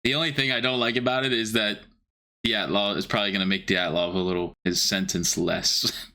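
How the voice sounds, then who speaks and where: A young man hosting a reaction video, chatting casually in an excited, blunt way with plenty of swearing. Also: lowish voice, a little fast.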